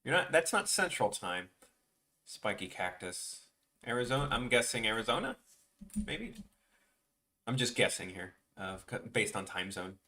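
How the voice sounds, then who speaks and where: A man's voice: fairly low pitch, big pitch swings, normal speed, long pauses, pushed and bright. A young man with a Chicago accent chatting casually with viewers on a drawing livestream, rambling with lots of restarts. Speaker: art streamer.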